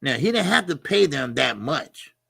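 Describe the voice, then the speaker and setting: A high-pitched man with a gravelly, husky voice rants loudly about boxing. He shouts and swears often. The sound is dry and close. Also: normal speed, no room sound. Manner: animated, shouting rants, profane, laughing. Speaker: boxing commentary channel host. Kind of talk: loud casual commentary.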